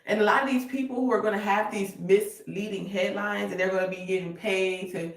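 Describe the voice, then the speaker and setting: A woman's voice: medium pitch, steady tone, a little fast, recorded from a distance. A woman reads tarot for her viewers in loose, unscripted talk. She gets emotional, curses freely, and drifts into snatches of song. Her voice sits a little back from the mic in an echoey room. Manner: emotional, cursing, breaks into singing. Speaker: tarot reader. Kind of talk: casual tarot reading livestream. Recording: roomy echo, voice a bit off-mic.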